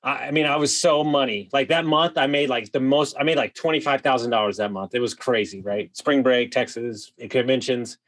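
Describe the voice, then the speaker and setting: A man telling a wild story as a podcast guest, animated, swearing freely and full of "like" fillers. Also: mid-range voice, fairly quick, hardly any pauses. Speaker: guest, vacation rental host. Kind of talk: casual storytelling.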